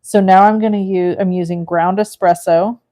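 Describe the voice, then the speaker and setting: In a medium-pitched, mellow voice with a steady tone, a woman from California talks at a moderate pace during her live card-making stream. She chats casually, thinks aloud as she works, and reads viewer comments.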